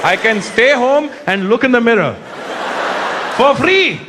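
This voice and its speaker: A man doing live stand-up in a big arena, his high voice swinging wildly up and down as he jokes. He talks brashly, swears freely and drops into mocking impressions. Loud crowd laughter and steady background noise fill the recording. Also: a little slow. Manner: brash, profane, switching into mocking character voices. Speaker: stand-up comedian. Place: large arena in front of a live audience.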